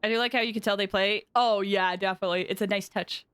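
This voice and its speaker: A woman's voice: medium pitch, steady tone, quick pace, fairly bright tone, clean tone. A woman streamer giving casual, chatty, rambling commentary while playing a game.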